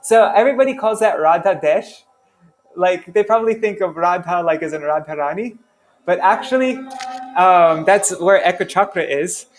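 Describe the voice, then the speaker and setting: A man teaching a relaxed language class, chatty and self-interrupting, who repeats sounds over and over to demonstrate them. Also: high voice, moderate pace, slight background noise. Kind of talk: casual online class.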